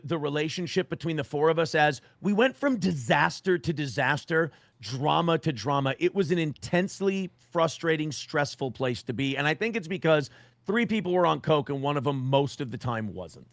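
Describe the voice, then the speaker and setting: A man's voice: fairly high pitch, normal speed, creaky, no echo. Blunt, profane man in his forties. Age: 40s. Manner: blunt, profane, animated retelling with quoted voices. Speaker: guest. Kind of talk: casual storytelling on a stream.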